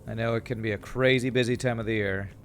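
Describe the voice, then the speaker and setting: A man's voice: medium pitch, steady tone, fast, a bit bright, a little hiss or hum. Rambling, chatty man streaming a game. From California. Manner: rambling, chatty, repeats words while thinking. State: tired from a busy season. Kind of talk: casual gameplay commentary with chat.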